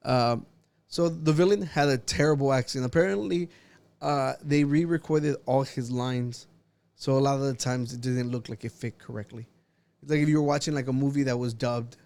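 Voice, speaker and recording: A man's voice: medium pitch, moderate pace, gravelly, a little mellow. A young man co-hosting a podcast, chatting casually and rambling with lots of fillers and laughter. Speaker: podcast co-host. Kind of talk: casual chat.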